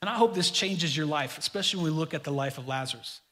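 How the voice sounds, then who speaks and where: High, bright-voiced preacher in a big hall. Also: male voice, quick pace. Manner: animated, joking asides to the congregation. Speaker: pastor. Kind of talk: sermon. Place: church sanctuary. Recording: long reverb of a large hall.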